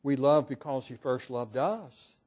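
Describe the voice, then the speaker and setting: A man preaching a sermon in an earnest, emphatic, measured way. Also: mid-range voice, a little mellow.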